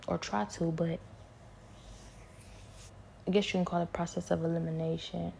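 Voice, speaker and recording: A woman with a gravelly voice giving a hushed, rambling personal spiritual testimony, often dropping to a whisper. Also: on the low side, level tone, normal speed, a little hiss or hum.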